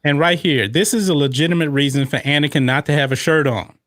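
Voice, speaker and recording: A man's voice: a little high, fast talker, fairly bright tone, no echo, clean studio sound. Man chatting over a movie watch-along. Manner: chatty, reads out viewer comments. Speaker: podcast host. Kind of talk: casual watch-along chat.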